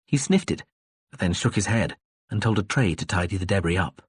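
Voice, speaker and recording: A man narrating an audiobook in a calm storytelling manner. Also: low voice, a little fast, breathy edge, no echo, clean studio sound. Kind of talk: scripted narration.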